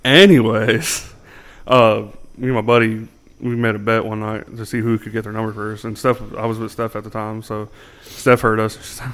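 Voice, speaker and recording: A man's voice: fairly low pitch, little pitch movement, moderate pace, fairly bright tone. A man from New York telling loose, profane bar stories in a casual drinking chat with friends. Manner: loose storytelling, heavy swearing. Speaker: podcast co-host.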